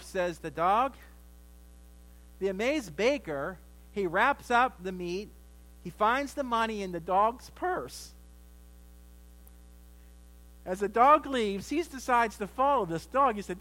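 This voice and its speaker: A man's voice: high voice, lively intonation, measured pace, pushed and bright, rough recording. A middle-aged male pastor giving a Thanksgiving sermon in a folksy, storytelling way.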